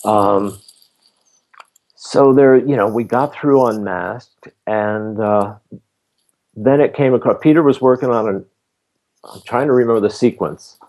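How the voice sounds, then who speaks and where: A man in his fifties, a former roadie and bass player, telling relaxed stories as an interview guest. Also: a little slow, long pauses. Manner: relaxed anecdotal telling, laughs between stories. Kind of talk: casual interview storytelling.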